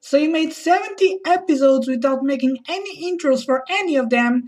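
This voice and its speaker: A man doing a high falsetto voice as a jealous, dramatic gossiping woman. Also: fairly quick. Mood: accusing. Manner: exaggerated high falsetto, accusing.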